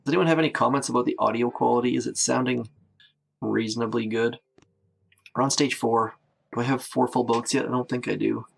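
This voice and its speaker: A man's voice: mid-range voice, fairly even intonation, fairly quick, vocal fry. A man from Canada giving chatty live commentary while playing a strategy game, greeting viewers as he goes. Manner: chatty, self-narrating, greets viewers by name. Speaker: game streamer.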